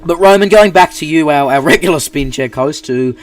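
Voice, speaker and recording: A man's voice: fairly high pitch, fairly quick, recorded from a distance. An Australian man hosting a live streamed news broadcast, talking off the cuff with many fillers and restarts. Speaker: news anchor and producer.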